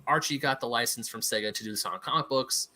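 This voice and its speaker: An American man hosting a casual podcast chat, enthusiastic and quick to go off on nerdy tangents. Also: medium pitch, bright, forceful tone. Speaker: podcast host.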